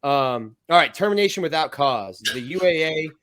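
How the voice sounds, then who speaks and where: A man's voice: fairly high pitch, expressive, moderate pace, a bit bright. A man co-hosting a sports podcast in casual, joking chat, often slipping into mock voices. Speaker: podcast co-host.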